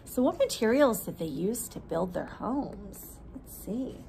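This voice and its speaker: Gravelly preschool teacher reading aloud. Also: female voice, medium pitch, expressive, unhurried, a little hiss or hum, poor audio. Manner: gentle, questioning, encouraging children. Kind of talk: storytime read-aloud.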